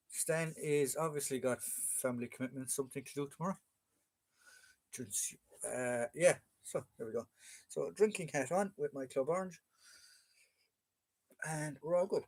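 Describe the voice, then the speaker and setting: A man's voice: fairly high pitch, a little slow, long pauses. Chatty Irish man hosting a livestream. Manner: chatty and joking, with frequent fillers. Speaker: livestream host. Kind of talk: casual live chat reading viewer comments.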